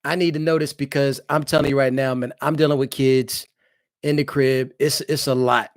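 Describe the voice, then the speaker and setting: A man, a married father, hosts a casual live stream from his home. He talks loosely and straight to his viewers at a middling pitch, and the sound is dry and close. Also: level tone, normal speed, dry recording. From eastern United States. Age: adult, married father. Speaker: livestream host.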